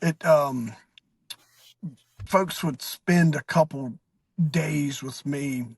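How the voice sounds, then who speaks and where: A man's voice: a little high, extremely slow, husky, no room sound. A man hosting a podcast, talking in a loose, rambling way with plenty of fillers. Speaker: podcast host. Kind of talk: casual podcast conversation.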